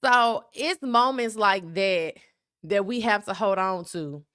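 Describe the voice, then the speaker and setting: A woman's voice: mid-range voice, takes it slowly, fairly bright tone, clean tone, no room sound, studio quality. A young woman from South Memphis with a Southern accent, talking candidly and emphatically on her solo podcast. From South Memphis, USA. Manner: candid, emphatic, keeps asking "right?". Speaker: podcast host.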